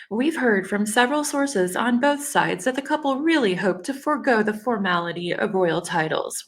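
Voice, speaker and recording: A woman, hosting casual commentary in a chatty, sarcastic way that is broken up by laughs. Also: medium pitch. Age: 40s. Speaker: commentary channel host. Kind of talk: casual commentary reading news quotes.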